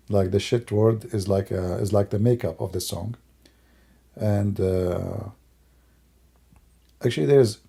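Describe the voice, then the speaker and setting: A man whose first language is Arabic, hoarse from losing his voice, musing and rambling in broken English on a livestream. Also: fairly low pitch, dark tone. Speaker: livestream host. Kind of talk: casual livestream talk.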